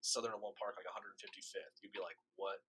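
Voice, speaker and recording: A man's voice: lowish voice, little pitch movement, quick pace, pushed and bright, slightly rough. A man with a Midwestern American accent, co-hosting a casual podcast, talking in a chatty way full of fillers. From Kansas City area, USA. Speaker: podcast co-host.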